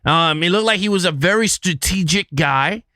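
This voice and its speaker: A young man co-hosting a movie review podcast, talking casually and joking, with animated restarts. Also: high-pitched, moderate pace, no room sound, clean studio sound. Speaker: podcast co-host.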